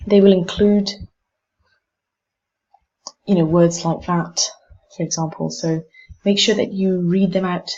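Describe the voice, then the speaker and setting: Slow, deliberate woman teaching pronunciation. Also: on the low side, fairly even intonation, darkish tone, highs cut off. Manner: demonstrates vowel sounds, slow and deliberate. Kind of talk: casual instructional talk.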